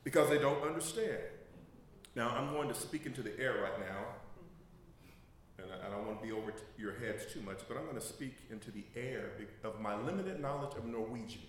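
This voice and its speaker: A man with a medium-pitched voice delivers a sermon a little fast, with slight background noise. As the pastor, he jokes and laughs in a very echoey church, asking the congregation to fill in missing words as they respond.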